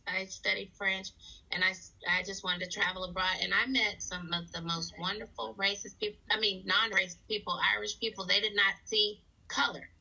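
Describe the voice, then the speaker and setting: A woman host chats casually over a video call. Her voice is strikingly bright and sharp, and it comes through a dull, lo-fi line. She encourages her guest with frequent short affirmations. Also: medium pitch, level tone, fairly quick, vocal fry. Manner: affirming listener, frequent mm-hmms. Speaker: interview host. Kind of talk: casual interview conversation.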